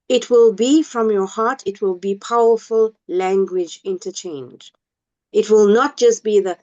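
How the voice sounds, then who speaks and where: A woman teacher speaks to her class over a video call at a measured, deliberate pace and keeps asking the students whether they follow. Her voice sits in an ordinary middle register for a woman. The call audio is dull and lo-fi. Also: medium pitch, warm tone. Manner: slow, deliberate, asks the class questions. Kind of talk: online class lesson.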